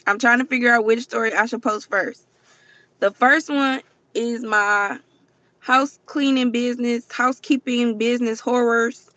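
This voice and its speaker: A woman's voice: a little high, steady tone, measured pace, a bit bright, no echo, muffled recording. A woman hosting a casual livestream, chatty and profane, who keeps talking straight to her viewers. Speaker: livestream host.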